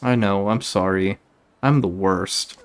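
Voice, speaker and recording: A nervous young man from a video game, stammering and sheepish in a lowish voice as a man reads his lines aloud. He sounds close to the reader's plain voice. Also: slow pace, clear, resonant tone. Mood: guilty. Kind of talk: reading game dialogue aloud.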